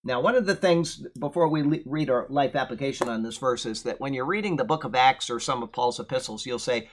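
A man teaching verse by verse through a letter of scripture. He reads the verses with emphasis, then drifts into relaxed, musing asides. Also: mid-range voice, brisk, few pauses. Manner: earnest, emphatic when quoting scripture, loose asides. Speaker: Bible teacher. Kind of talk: verse-by-verse Bible commentary.

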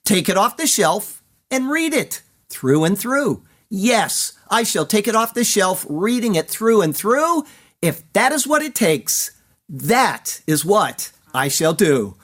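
A searching, doubting man voiced by a male preacher asks question after question. His voice sits high and pleading. He speaks in a poetic, earnest way. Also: sing-song, takes it slowly, a bit bright, heavily acted. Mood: elated. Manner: questioning, pleading, then resolved. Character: doubting male churchgoer seeking the truth.

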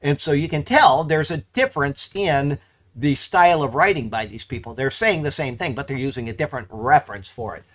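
A man teaching verse by verse through a Bible letter, halting and correcting himself, then pressing points with emphasis. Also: mid-range voice.

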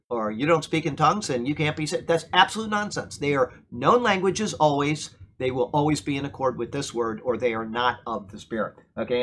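A man's voice: mid-range voice, slight background noise. Emphatic man teaching a Bible class. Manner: emphatic, asks the class "okay?" often. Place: church classroom.

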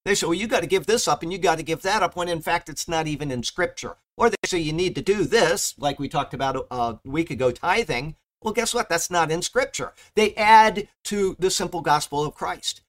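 A man's voice: on the high side, a bit bright. A male pastor teaching a Bible study verse by verse, emphatic, stressing key points and checking in with the class. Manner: emphatic, repeats "okay?" to the class, rises sharply on key points.

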